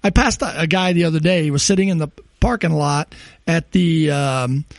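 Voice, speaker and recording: A middle-aged man co-hosts a laid-back podcast, his somewhat high voice gravelly with fry. He rambles through his stories with plenty of fillers, close and dry on the mic. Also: moderate pace, no room sound. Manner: rambling storyteller, trails off with fillers. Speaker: podcast co-host. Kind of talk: casual chat.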